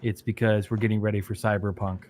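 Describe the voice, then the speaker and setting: A man co-hosting a casual gaming podcast from a remote line that sounds choppy and robotic, delivering dry, deadpan jokes. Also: on the low side, quick pace. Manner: deadpan joking, dry sarcasm. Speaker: podcast co-host. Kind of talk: casual chat about video games.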